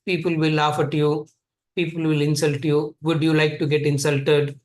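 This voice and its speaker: Tamil-accented male teacher, fairly high voice, repetitive rhetorical style, echoey room. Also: little pitch movement, moderate pace. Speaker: Vedanta teacher. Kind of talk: scripture lecture.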